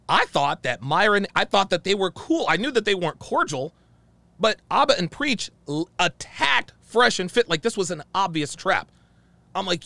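A man's voice: sits high, big pitch swings, moderate pace, creaky, pushed and bright, no room sound. A man telling a heated story in a profane monologue, acting out the dialogue he quotes. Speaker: channel host.

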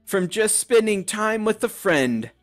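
A man voicing a shy, timid young female pony in a game, with a soft, hesitant, stammering delivery. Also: high-pitched, lively intonation, unhurried, faint music behind, voice pushed up. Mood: nervous. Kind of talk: reading game dialogue aloud.

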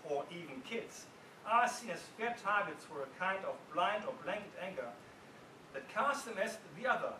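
A man's voice: sits high, bright, forceful tone, slight background noise. A male academic reading his essay aloud to an audience, stopping now and then for asides and restarts. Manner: reads formally, breaks off with asides, slips and restarts. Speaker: academic lecturer. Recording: roomy hall from far off.

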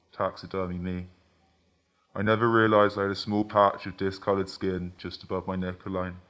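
Lowish man reading a story aloud. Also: fairly bright tone. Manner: measured, intimate first-person storytelling. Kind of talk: literary reading of a short story.

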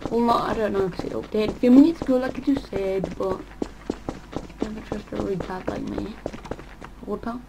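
This gaming channel host is a woman with a mid-range, creaky voice who speaks animatedly and a little fast. She offers casual commentary on her play, musing aloud and often leaving sentences unfinished, with background noise audible throughout.

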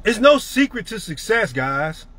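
A man's voice: high voice, very animated, a little slow, bright, forceful tone. A middle-aged man giving a profane, emphatic motivational rant to his network marketing team.

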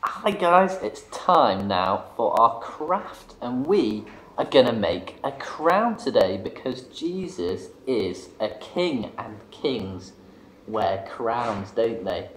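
Relaxed man leading a kids' craft. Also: medium pitch, slow, reverberant, slight background noise. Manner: relaxed, chatty, self-deprecating. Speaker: children's craft leader. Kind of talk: casual craft demonstration.

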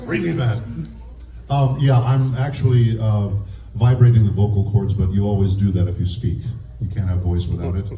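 A man who is a voice actor and speech teacher, giving a lively, demonstrative convention panel talk and laughing often. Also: fairly low pitch, moderate pace. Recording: echoey room heard from a distance.

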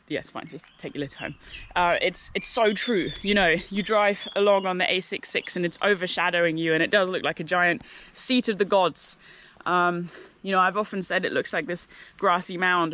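A woman's voice: fairly low pitch, fairly even intonation, moderate pace, fairly bright tone, slight background noise. A woman vlogging outdoors on a hill walk, chatty and upbeat but a bit groggy and tired, with lots of fillers. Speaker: hiking vlogger. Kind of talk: casual vlog to camera. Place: outdoors on a mountain roadside and trail. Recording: music playing underneath.

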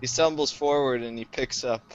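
A man playing a tabletop game, describing his character with a lively, amused delivery. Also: mid-range voice, normal speed, lo-fi sound, slight background noise. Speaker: player. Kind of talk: in-character roleplay.

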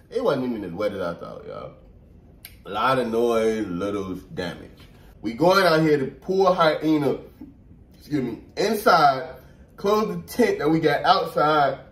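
A man's voice: mid-range voice, measured pace. A man co-hosting a vlog, telling a story in a casual, playful way and acting out what people said. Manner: animated, playful, acts out quotes. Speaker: vlog co-host. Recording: roomy echo, distant mic.

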